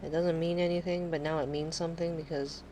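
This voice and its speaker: A woman's voice: low voice, little pitch movement, fairly quick, warm tone, slight background noise, low-quality recording. A woman in her thirties chatting casually on a live stream, rambling and sarcastic, swearing freely.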